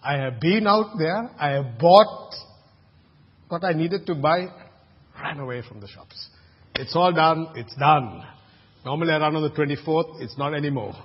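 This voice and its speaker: A man's voice: fairly high pitch, lively intonation, normal speed, slightly rough, long reverb tail, lo-fi sound. A man from Sri Lanka preaching a sermon as pastor, chatty and asking the congregation questions. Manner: conversational, asks the congregation questions.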